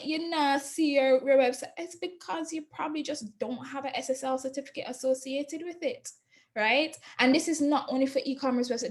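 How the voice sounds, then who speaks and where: A woman giving a casual webinar presentation on digital marketing, chatty, laughing often and checking in with "right?". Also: high-pitched. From not from Jamaica.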